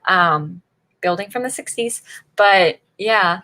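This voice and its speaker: A woman's voice: mid-range voice, moderate pace, bright, forceful tone. A woman from Northern Virginia, hosting a writing-sprint livestream and chatting casually with viewers, laughing often as she reacts to chat. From Northern Virginia, USA.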